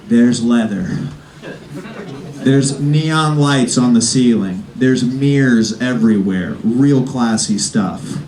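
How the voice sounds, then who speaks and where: A male comedian warming up a live crowd with a rambling stand-up set, full of fillers and self-aware jokes. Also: medium pitch, far from the mic. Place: comedy club stage before a live audience. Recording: roomy live club sound from off-mic.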